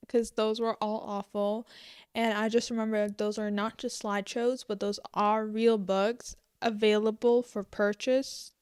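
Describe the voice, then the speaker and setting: Young woman vlogger, higher voice, smooth and clear, dry close sound, rambling jokey chat. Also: dry recording. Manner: rambling, joking, lots of "like" and "um"; mock-panicked outbursts. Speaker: booktok vlogger. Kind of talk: casual chat to camera.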